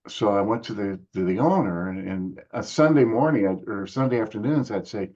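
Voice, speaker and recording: An older American man, a musician appearing as a guest, tells a lively story in a casual interview. He speaks briskly and acts out other people's lines in higher voices, and the recording's highs are cut off.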